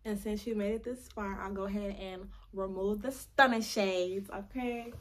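A woman's voice: medium pitch, steady tone, moderate pace. A young adult woman chatting to camera in a casual vlog, playful and chatty, drawing out words for emphasis. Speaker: vlogger.

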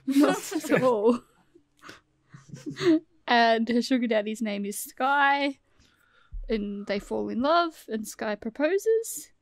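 Woman host, gravelly voice, dry close sound, retelling a plot. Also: on the high side, animated, extremely slow, pauses often, dry recording. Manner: laughing, storyteller. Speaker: podcast host.

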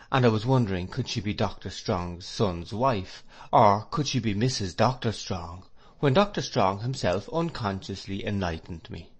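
Male audiobook narrator, lowish pitch, measured and even storytelling. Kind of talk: scripted narration.

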